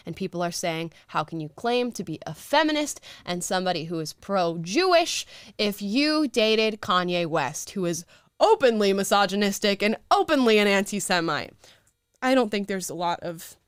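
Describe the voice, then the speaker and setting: A young woman hosting a live talk show in a casual, animated way, quick with asides and often laughing. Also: medium pitch, clean tone, no echo, clean studio sound. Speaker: show host.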